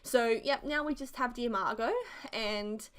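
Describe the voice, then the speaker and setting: A woman's voice: fairly high pitch, unhurried, a bit bright, smooth. A young Australian woman in her twenties, telling rambling, giggly stories in a casual voiceover chat. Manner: chatty, rambling, giggly storytelling. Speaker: YouTuber.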